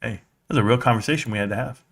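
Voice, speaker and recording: Bright, excitable man hosting a stream. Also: medium pitch, very fast, gravelly. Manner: excitable, rambling, drifts loud and soft. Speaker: livestream host. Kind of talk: casual stock-market livestream chat.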